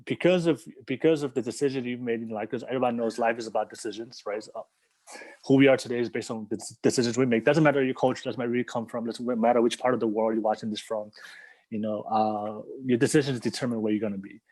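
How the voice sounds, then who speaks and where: A man's voice: mid-range voice, fairly even intonation, quick pace, darkish tone. A man hosting a podcast, asking questions in a casual, rambling way that keeps restarting sentences. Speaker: podcast host. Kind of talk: casual interview talk.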